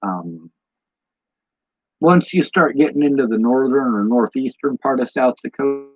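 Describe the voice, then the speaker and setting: A man's voice: mid-range voice, expressive, moderate pace, darkish tone, breathy edge, dry recording. Tired, rambling Midwestern man on stream. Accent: American Midwest. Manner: meandering, goes off on tangents, many ums. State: tired from lack of sleep. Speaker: livestreamer answering chat. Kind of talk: rambling casual livestream talk. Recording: dull lo-fi stream audio.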